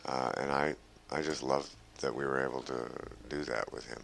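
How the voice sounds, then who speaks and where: A man, the film's lead actor, giving commentary in a slow, considered manner. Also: rumbling low, steady tone, gravelly, a bit bright, a little hiss or hum. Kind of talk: film commentary.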